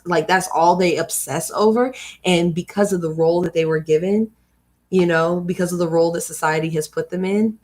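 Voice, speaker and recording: A woman's voice: on the low side, a little mellow. A woman hosting a livestream where she reads a book aloud and breaks off for chatty personal asides. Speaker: host reading books aloud on a livestream. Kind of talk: reading aloud with casual commentary.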